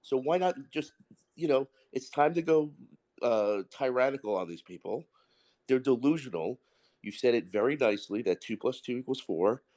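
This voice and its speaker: A Bronx man phones in to a live audio Q&A with a question, his mid-range voice slightly mellow. He talks bluntly and goes on at length, rambling and emphatic.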